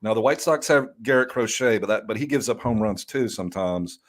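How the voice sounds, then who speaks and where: A man's voice: fairly low pitch, fairly quick. Jokey man co-hosting a podcast. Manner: jokey and animated, repeats words when starting. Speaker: podcast co-host. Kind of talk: casual chat.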